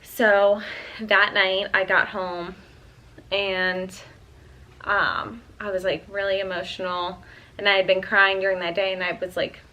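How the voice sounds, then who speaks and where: Bright-voiced young woman telling a story. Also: medium pitch, low-quality recording. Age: 20s. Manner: chatty, full of "um" and "like". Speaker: vlogger. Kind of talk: casual personal storytelling.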